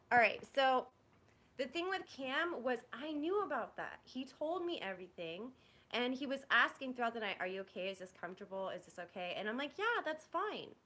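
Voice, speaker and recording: Young woman vlogger, bright and high, candid frustrated venting with swearing. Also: very animated, normal speed. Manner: rambling, blunt, profane, frustrated. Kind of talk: candid venting to a live audience.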